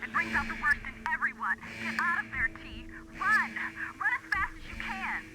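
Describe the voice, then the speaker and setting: A dead wife pleads with urgent desperation in a video game. Her pitch sits mid-range and her warnings come fast. Music plays under her voice. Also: lively intonation.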